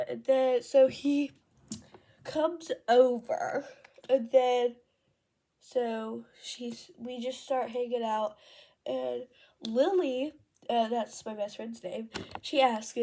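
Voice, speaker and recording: A woman's voice: on the high side, steady tone, slow pace, dark tone. A teenage girl telling a rambling storytime while doing her makeup, full of ums and self-corrections. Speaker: vlogger.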